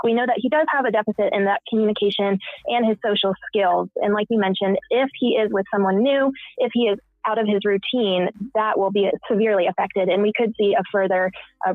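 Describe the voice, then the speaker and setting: A woman's voice: medium pitch, dry recording. A woman behavior analyst giving expert commentary in an earnest, caring way. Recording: tinny phone line.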